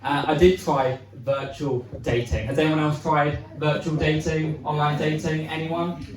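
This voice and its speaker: A young man opens his stand-up set with a slightly high voice. He talks in a casual, halting way. He sounds far from the mic in a very echoey room, with an audience clearly heard. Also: flat delivery, a crowd in the background. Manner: casual, hesitant, fiddling with equipment. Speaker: stand-up comedian. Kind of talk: stand-up routine.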